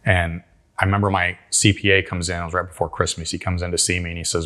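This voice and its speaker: Male interview guest, deep-voiced, tells stories with energy and folksy grammar. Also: fast. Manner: animated storyteller acting out quotes. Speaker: guest entrepreneur. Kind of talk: storytelling interview.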